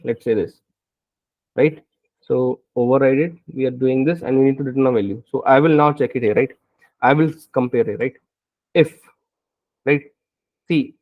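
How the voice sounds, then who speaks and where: A man's voice: medium pitch, no room sound, narrow, tinny audio. A man teaching programming as he codes live, thinking aloud and often checking in with "right?". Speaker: programming instructor. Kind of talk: live coding tutorial.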